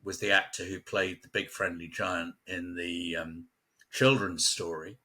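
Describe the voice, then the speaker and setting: A West London man, English and appearing as a local guest, tells stories in casual conversation and laughs often. He speaks at a measured pace in a low-pitched, steady voice that is bright, forceful and slightly rough.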